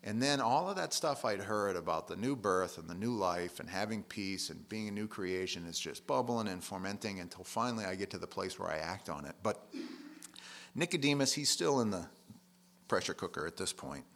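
A man delivers a sermon in a relaxed, conversational way. His voice sits on the low side, and he leans hard on single words to drive a point home. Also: normal speed. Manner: conversational, plain-spoken and emphatic. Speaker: preacher.

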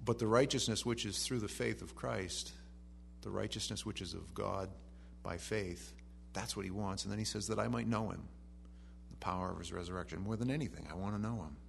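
A man preaching a sermon. He reads scripture softly and then rises to animated emphasis. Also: fairly low pitch, a little fast, creaky, slight background noise.

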